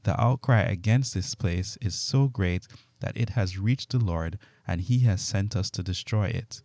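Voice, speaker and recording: Stern angels give urgent commands, as a man reads them aloud. Low and dark in tone, close and dry. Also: measured pace, no room sound.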